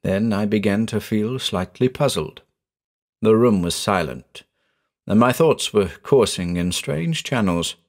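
Male narrator for a horror tale, measured and dramatic, pitch moving freely. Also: animated. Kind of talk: scripted horror story narration.

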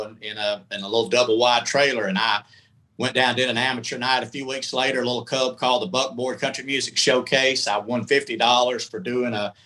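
A man's voice: mid-range voice, bright, forceful tone, rough recording. A middle-aged man, telling candid, folksy stories as a podcast guest. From United States. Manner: folksy, candid, rambling storyteller. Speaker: podcast guest, country comedy singer. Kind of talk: casual storytelling.

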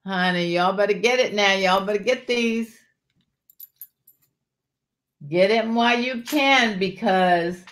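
Chatty woman hosting a live jewelry sale. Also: mid-range voice. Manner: chatty, calls out viewers by name, folksy Southern-style warmth in words like y'all. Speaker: live-stream jewelry seller. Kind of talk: casual live-stream sales chat.

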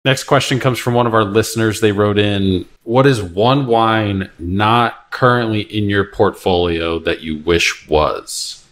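A male podcast host with a fairly low voice, asking his guest questions. He reads them aloud in a steady, conversational way. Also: measured pace, few pauses. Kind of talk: interview questions.

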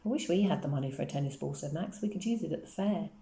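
A woman's voice: low-pitched, lively intonation, fast, vocal fry, mellow, reverberant. Matter-of-fact young boy in a storybook reading, voiced by a woman, would-be grown-up. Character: knowing older brother, young boy.

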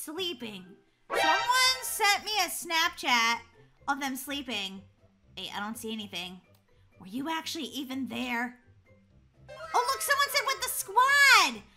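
A woman's voice: sits high, big pitch swings, unhurried, over music, voice pushed down. A woman voicing a flustered teen girl with a crush. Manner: flustered, stammering, giggly. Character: bubbly nervous teenage girl with a crush. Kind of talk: voicing a role-play video.

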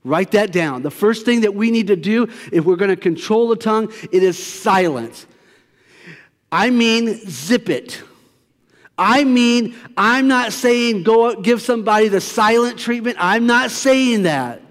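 A male pastor with a high voice preaching in a loose, storytelling way, stressing his points and talking straight to the congregation. Long reverb hangs in the sanctuary behind him. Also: expressive, unhurried. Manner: conversational, storytelling, emphatic. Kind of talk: sermon. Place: church sanctuary.

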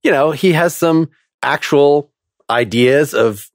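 A man's voice: on the high side, slow pace, no room sound. Man with a dry, close voice, casual podcast talk. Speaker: podcast co-host. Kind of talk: casual philosophy discussion.

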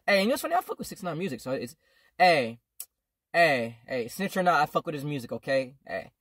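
A young man in his twenties rambles through a storytime vlog and swears freely. His voice sits high for a man and jumps around a lot. The sound is dry and close. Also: a little fast, no room sound. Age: 20s. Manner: rambling, profane, animated. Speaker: vlogger.

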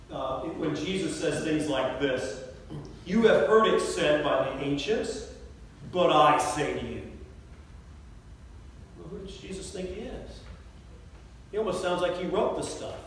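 A man's voice: on the high side, slight background noise. A male pastor preaching a sermon in a conversational way, often asking the congregation questions. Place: church sanctuary. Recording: echoey church from a distant mic.

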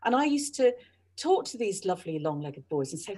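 A middle-aged woman, a radio journalist, telling lively anecdotes in a podcast interview. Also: mid-range voice, fairly quick, breathy edge. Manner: animated, mimics colleagues' voices. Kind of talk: storytelling interview chat.

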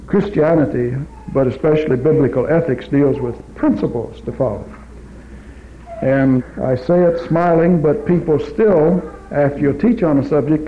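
Preacher man on a tinny old tape. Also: on the high side. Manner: measured teaching, quotes scripture in King James wording. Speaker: preacher teaching a church class. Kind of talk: sermon. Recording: tinny phone-like old tape recording, faint hiss.

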